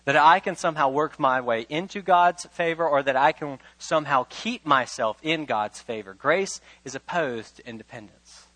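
A man's voice: moderate pace, few pauses, no echo, rough recording. Emphatic male preacher, dry sound. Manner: emphatic, building up to loud stresses then dropping low. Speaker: pastor. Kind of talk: sermon.

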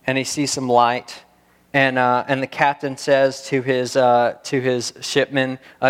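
A man preaching a sermon, animated and building to emphatic peaks, often restarting his words as he goes. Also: medium pitch, a little slow, smooth. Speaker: pastor. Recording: reverberant hall.

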